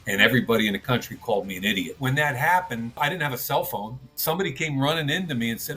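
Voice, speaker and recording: A man working as a draft analyst, telling an energetic anecdote in an interview. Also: medium pitch, fast talker, hardly any pauses, faint music behind, poor audio. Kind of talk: storytelling in an interview.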